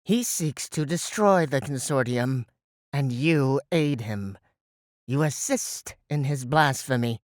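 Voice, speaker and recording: A man voicing a pale, sinister mist woman who speaks slowly and ominously in an audiobook. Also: medium pitch, animated, no room sound, studio quality. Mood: menacing.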